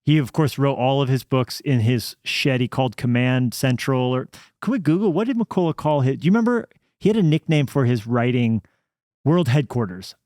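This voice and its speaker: A man's voice: medium pitch, no room sound, clean studio sound. Man co-hosting a casual podcast chat. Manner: storytelling, quick bursts when excited. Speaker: podcast co-host.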